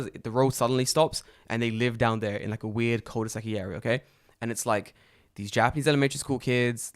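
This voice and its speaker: A man co-hosting a podcast in casual chat, telling animated stories and swearing freely. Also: mid-range voice. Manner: animated storytelling, heavy swearing. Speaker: podcast co-host.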